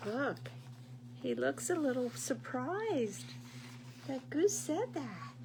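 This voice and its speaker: A woman librarian reading picture books aloud at a baby storytime, animated and sing-song, talking to little listeners. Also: sits high, slow, creaky, slight background noise. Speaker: children's librarian.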